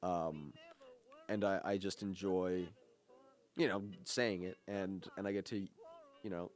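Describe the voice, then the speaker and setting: A man's voice: deep voice, fairly even intonation, unhurried. A young man hosting a college radio show, chatting casually and rambling with lots of fillers and restarts. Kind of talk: casual on-air chat.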